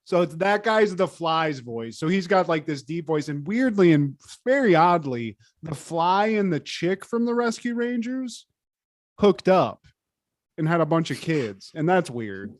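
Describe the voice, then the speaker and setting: Animated, profane man, slightly high voice. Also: unhurried, dry recording, clean studio sound. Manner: animated, profane, lots of fillers. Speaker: podcast co-host. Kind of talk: casual chat.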